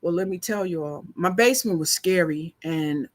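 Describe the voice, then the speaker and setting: An older woman, telling a story to her viewers in a slow, chatty, emotional way, teary and sniffling. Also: on the low side. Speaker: vlogger.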